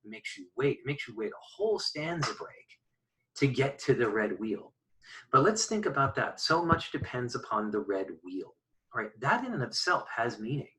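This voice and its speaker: A man giving a recorded poetry lesson, thinking aloud in a casual, halting way with many fillers and restarts. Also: medium pitch, big pitch swings, sharp tone, recorded from a distance, rough recording. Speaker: poetry teacher. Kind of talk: recorded online lecture.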